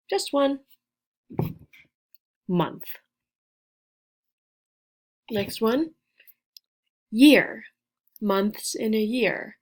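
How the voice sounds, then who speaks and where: A woman in her twenties teaching beginner English, patiently spelling out sounds and repeating each word. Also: mid-range voice. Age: 20s. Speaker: ESL teacher. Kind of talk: slow beginner English lesson.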